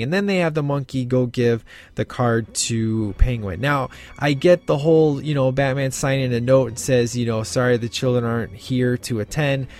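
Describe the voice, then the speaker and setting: Man, casual film reviewer, rambling chatty delivery, faint music underneath. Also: mid-range voice. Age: adult with a child. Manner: rambling, lots of fillers and restarts.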